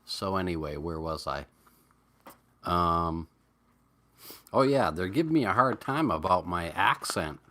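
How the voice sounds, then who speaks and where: Low slow man, new england accent, rambling chatty host, bright tone. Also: lively intonation. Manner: rambling, chatty storyteller greeting viewers. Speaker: livestream host. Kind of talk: relaxed pipe-smoking live chat.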